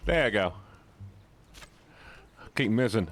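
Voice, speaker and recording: A man's voice: on the low side, a little fast. A male streamer doing live gameplay commentary, chatting with viewers and yelping when things go wrong. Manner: excitable, yelps when frustrated, chats with viewers.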